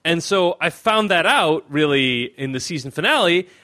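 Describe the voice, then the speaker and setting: A male podcast host talks loosely with his co-hosts, his pitch sitting a little high and swinging widely as he goes. He rambles, circles back and restarts his thoughts, with many filler words along the way. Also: animated, moderate pace, pushed and bright. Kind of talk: casual chat.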